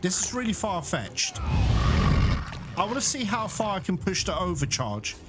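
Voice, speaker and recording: A man's voice: sits high, big pitch swings, a little slow, heavy background noise. A man giving chatty let's-play commentary, laughing often and bursting out in exasperation at the game. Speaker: gaming YouTuber. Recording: game music playing behind the voice.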